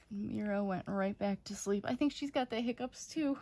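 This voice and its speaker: Gravelly woman cooing baby talk to puppies. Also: medium pitch, normal speed, few pauses. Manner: sing-song baby talk to puppies, often softly whispered. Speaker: dog breeder. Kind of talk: casual vlog talking to puppies. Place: home bedroom. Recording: clear background noise with dog sounds.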